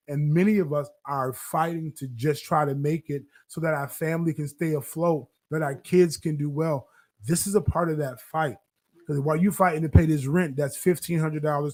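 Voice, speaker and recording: A man hosting a community radio podcast, talking emphatically, repeating his phrases and laughing often. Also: a little high. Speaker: podcast host. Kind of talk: energetic radio talk.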